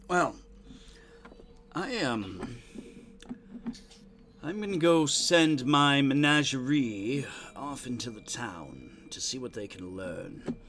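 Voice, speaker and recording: A man's voice: medium pitch, very animated, takes it slowly, long pauses, a bit bright, slight background noise. A man running a tabletop game as game master, narrating and chatting in a meandering way with many fillers. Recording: faint music behind.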